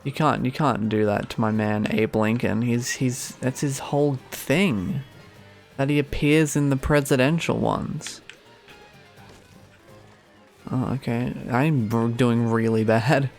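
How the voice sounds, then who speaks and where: A young man with an Australian accent chats slowly over a game, wandering from thought to thought with plenty of fillers. His pitch sits in an ordinary middle range, and his tone is dry and sarcastic. Faint game music plays behind him. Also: fairly even intonation, vocal fry, a little mellow. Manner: rambling, sarcastic, many fillers. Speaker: streamer. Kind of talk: casual gaming commentary.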